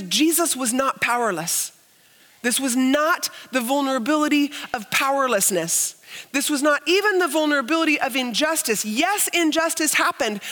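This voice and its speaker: A woman pastor preaching a sermon earnestly, moving from hushed stretches to emphatic, raised passages. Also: high-pitched. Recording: long reverb of a large hall.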